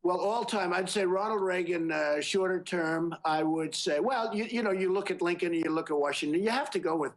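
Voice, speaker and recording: Man giving a rambling, halting answer. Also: high voice. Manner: rambling, halting, restarts sentences. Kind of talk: casual interview answer.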